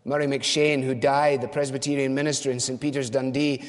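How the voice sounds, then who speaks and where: A man's voice: mid-range voice, level tone, a little fast, long reverb tail. A man preaching a sermon, earnest and direct, posing rhetorical questions and giving homely illustrations.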